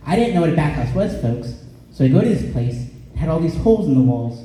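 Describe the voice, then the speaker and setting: A man from Colorado doing deadpan stand-up comedy, his slightly high, mellow voice caught from a distance in a very echoey club. Faint room noise sits under his dry delivery. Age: 20s or older. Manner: deadpan, sings a parody song at a slow drawn-out pace. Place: small comedy club stage.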